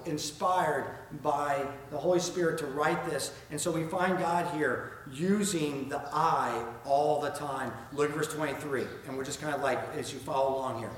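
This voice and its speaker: A man with a Southern accent preaching a sermon, asking rhetorical questions and reading scripture aloud in an earnest way. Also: fairly high pitch. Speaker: pastor. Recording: very echoey room, faint ambient noise.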